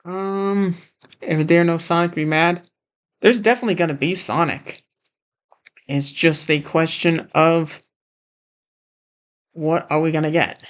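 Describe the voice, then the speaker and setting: A man's voice: a little high, steady tone, a little slow, long pauses, a bit bright, clean tone. A man casually commenting on a live showcase as he streams, rambling and hesitant. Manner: rambling, hesitant, talks over the broadcast.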